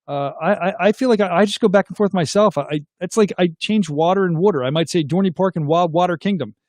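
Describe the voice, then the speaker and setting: A chatty middle-aged host reads comments aloud at a quick pace and invites his viewers to chime in. His voice sits fairly high for a man, with a darkish tone, in a close, dry recording without echo.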